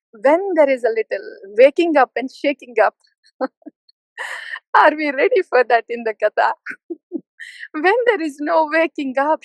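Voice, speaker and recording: High-voiced woman giving a devotional talk. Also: no echo, rough recording. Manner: playful, mimics complacent listeners with soft laughs. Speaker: spiritual teacher.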